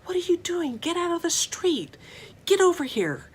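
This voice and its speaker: A woman's voice: very high voice, big pitch swings, normal speed, slight background noise, pitched above the performer's own voice. A woman voicing a frightened, angry mother who is sharply scolding her young son.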